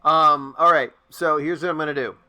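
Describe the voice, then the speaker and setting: A man's voice: on the high side, normal speed, smooth. A man playing a tabletop role-playing game, joking and rambling between his character's moves. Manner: joking, rambling, animated asides. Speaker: player. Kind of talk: casual tabletop game play.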